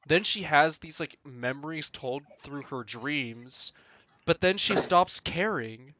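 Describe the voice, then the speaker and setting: Bright-voiced man ranting about a chapter. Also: on the high side, takes it slowly, dry recording. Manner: ranting, exasperated, laughs often. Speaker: podcast co-host. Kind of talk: casual chat recapping manga chapters.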